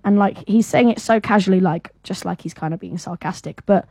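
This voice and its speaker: A young woman co-hosting a live radio show, chatting enthusiastically and dropping into softer asides. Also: mid-range voice, fairly quick, no room sound. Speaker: radio co-host. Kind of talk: casual radio chat.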